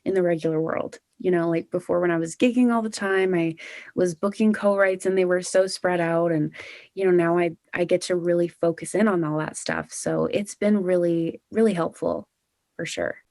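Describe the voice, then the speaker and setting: A woman's voice: on the low side, steady tone, normal speed, a little mellow, no room sound. Chatty young woman singer, dry sound. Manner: bubbly, chatty, with many "like" and "you know" fillers. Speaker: country singer-songwriter guest. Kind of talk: casual interview chat.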